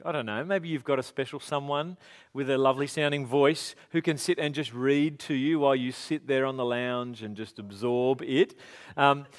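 A man giving a conversational sermon as pastor, chatty and rambling with self-deprecating asides. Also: on the high side.

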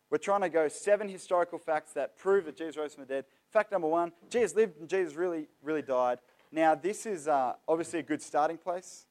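A young man giving a lively, joking talk to a youth audience, addressing the crowd directly. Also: on the high side. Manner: chatty and joking, talks straight to the audience. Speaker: youth seminar speaker.

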